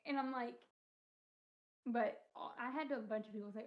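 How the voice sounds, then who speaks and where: A woman's voice: on the high side, moderate pace, pauses often. A young woman co-hosting a podcast in casual chat, telling stories with lots of laughter and acted-out quotes. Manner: animated storytelling, acts out quoted voices, laughs often. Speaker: podcast co-host. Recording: dull lo-fi podcast audio.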